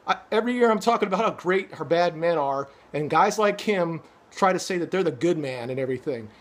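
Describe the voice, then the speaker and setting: A man's voice: a little high, expressive, a little fast, few pauses. A middle-aged man ranting angrily to his viewers, swearing often and stumbling over restarts. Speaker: vlogger. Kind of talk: angry opinion rant to camera.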